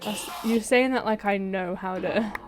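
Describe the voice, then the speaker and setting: Casual young woman streamer, rambly, swears, middling pitch, noisy audio with clicks. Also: a little slow. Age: young adult. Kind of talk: casual gameplay chat.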